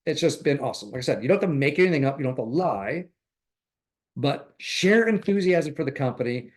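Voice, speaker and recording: Animated man coaching real estate agents. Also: a little high, fairly quick. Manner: animated, acts out dialogue with changing voices. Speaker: real estate recruiting instructor. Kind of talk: casual coaching talk.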